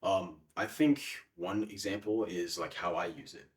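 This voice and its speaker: A man's voice: low-pitched, a little slow, far from the mic. A young man answering interview questions in a casual, hesitant way with many fillers. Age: young adult.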